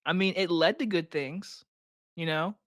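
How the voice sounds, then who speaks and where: A young man co-hosting a podcast in casual chat, animated and ranting, swearing freely. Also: on the high side, measured pace, no room sound, clean studio sound. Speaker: podcast co-host.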